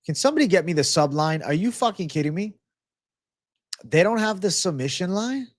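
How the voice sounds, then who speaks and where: A man's voice: sits high, lively intonation, a little fast, no room sound, studio quality. A man hosting a live-streamed MMA betting show, ranting with profanity to his chat about fight props. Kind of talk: live-stream prop picks talk.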